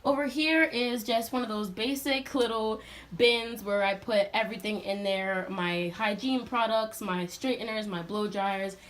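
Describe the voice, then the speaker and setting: Young woman, college student, chatty upbeat dorm tour, mid pitch, faint room noise. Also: fairly bright tone. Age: young adult. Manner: chatty, upbeat, speaks straight to viewers. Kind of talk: casual dorm tour vlog.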